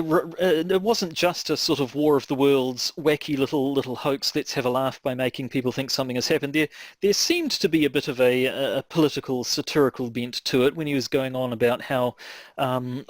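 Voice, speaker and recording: A man's voice: medium pitch, no room sound. A man co-hosting a podcast, thinking aloud with lots of ums and restarts. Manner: hesitant, rambling with many fillers. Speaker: podcast co-host. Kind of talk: casual chat.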